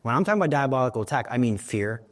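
A man's voice: medium pitch, expressive, racing. A man preaching a sermon on prayer, earnest, building to emphatic peaks.

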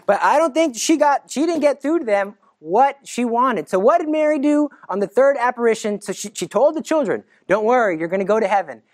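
A teacher giving a religious storytelling talk, animated and dramatic, swinging between loud and hushed delivery. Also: sits high, moderate pace, hardly any pauses, dry recording.

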